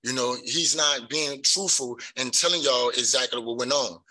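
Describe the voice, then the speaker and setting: A man's voice: medium pitch, moderate pace, bright, forceful tone, poor audio. A middle-aged man gives rambling, earnest testimony at a parole hearing, filling his account with "you know.". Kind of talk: pleading testimony.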